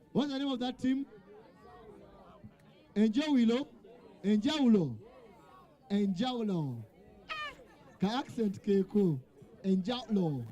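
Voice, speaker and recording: High-voiced man hosting a quiz. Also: warm tone, dull audio. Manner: calls out to the crowd and jokes with teams. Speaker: event host. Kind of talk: hosting a live quiz night. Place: event venue with a crowd.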